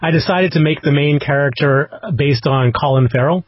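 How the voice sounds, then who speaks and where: A man with a husky voice hosts a casual interview, easygoing and encouraging. The sound is dry and close, with a dull, muffled tone. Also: fairly high pitch, moderate pace, no room sound. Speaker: podcast host and audiobook narrator. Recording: dry, dull podcast audio.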